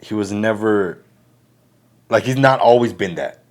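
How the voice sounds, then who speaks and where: Male podcast guest, lower voice, playful banter, drifting sentences. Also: unhurried, darkish tone. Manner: joking, trails off with "I don't know". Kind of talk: casual chat.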